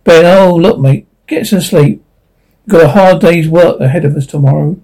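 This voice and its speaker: A man's voice: fairly high pitch, normal speed, dark tone, rough recording. A man reading the part of a blunt, dismissive young sailor.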